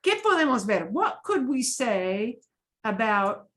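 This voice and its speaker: A woman's voice: fairly high pitch, sing-song, slow, fairly bright tone. A middle-aged woman teaching Spanish, patiently explaining and switching between Spanish and English. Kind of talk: online language lesson.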